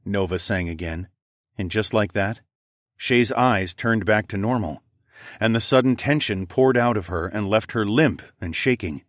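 Guy reading a story out loud, steady pace, kinda low voice, dead dry sound. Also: measured pace, no room sound. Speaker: audiobook narrator. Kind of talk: first-person fiction narration.

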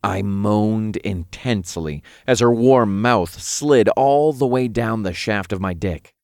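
Brief: male narrator, low voice, dry close-miked read. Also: darkish tone, no room sound. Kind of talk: scripted first-person narration.

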